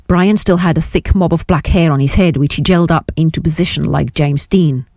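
A woman's voice: low voice, a little mellow, no room sound. Woman reading a story, dry sound. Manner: measured, descriptive reading. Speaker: audiobook narrator. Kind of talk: scripted narration.

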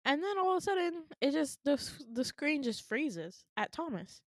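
A woman's voice: high-pitched, moderate pace, no echo, studio quality. A woman co-hosting a podcast, telling a dream in casual chat, acting out the lines of people in it with swearing and laughter. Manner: animated, acts out quotes with swearing and laughs.

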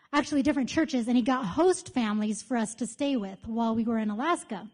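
A woman in her thirties leading a Bible study, chatty and candid, telling stories as she teaches. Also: sits high. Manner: chatty, candid, lively storyteller. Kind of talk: casual teaching with storytelling. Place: church meeting room with group.

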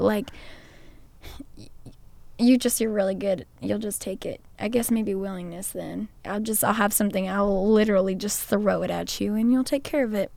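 A woman's voice: medium pitch, vocal fry, mellow, no room sound. A young woman chatting casually with her partner, playful and teasing, laughing easily. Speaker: partner in a couple's conversation. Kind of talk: casual chat.

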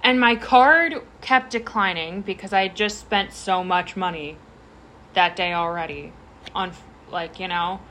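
A woman's voice: fairly low pitch, measured pace, a little hiss or hum. Young woman rambling through a story. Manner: rambling, animated storytelling with fillers. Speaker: storyteller in a casual chat. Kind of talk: casual chat.

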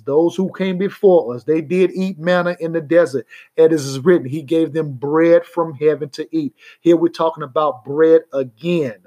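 A man preaching a sermon on a broadcast, reading scripture aloud and often asking his listeners if they get it. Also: on the high side. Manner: reads scripture aloud, slowing down to stress key words. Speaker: radio preacher.

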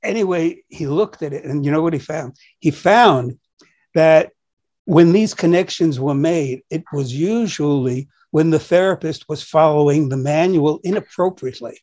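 A man's voice: fairly high pitch, normal speed. A man co-hosting a conversational discussion as a psychologist, telling stories animatedly and acting out quoted dialogue. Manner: animated storyteller who acts out quoted dialogue. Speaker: psychologist and co-host.

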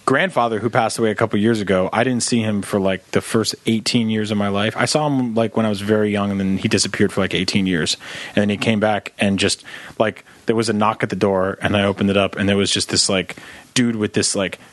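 A man's voice: fairly low pitch, steady tone, fairly quick, no room sound. Man telling a rambling comic story. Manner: rambling storyteller, mimics people in quotes. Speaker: podcast co-host. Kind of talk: casual comedy chat.

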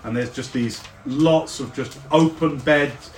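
A man narrating a tabletop game as game master, relaxed and rambling with fillers. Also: medium pitch, takes it slowly. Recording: echoey room, faint background noise.

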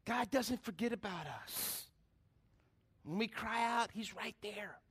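Middle-aged male pastor, high, bright voice, animated storyteller from the pulpit. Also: takes it slowly, husky. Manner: animated storytelling, questions to the congregation. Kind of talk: sermon.

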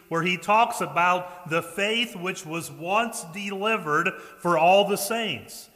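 Pastor guy preaching, kinda high bright voice, goes loud then quiet, church reverb all around. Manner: earnest preaching, swings between loud emphasis and quiet asides. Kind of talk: sermon. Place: church sanctuary.

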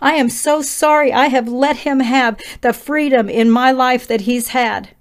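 Woman preacher, middle-aged, fervent pleading prayer that builds to near-yelling. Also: high voice, a little slow. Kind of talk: passionate prayer and sermon.

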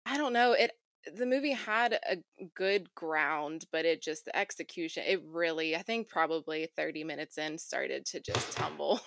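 Podcast guest: woman, chatty, laughs easily, bright tone, dry close recording. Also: low-pitched, moderate pace, gravelly, dry recording. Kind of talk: casual podcast chat.

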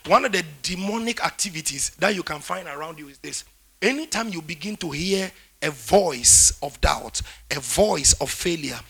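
A man preaching a sermon, emphatic, with declarations that rise loud toward the end. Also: a little high, creaky, husky.

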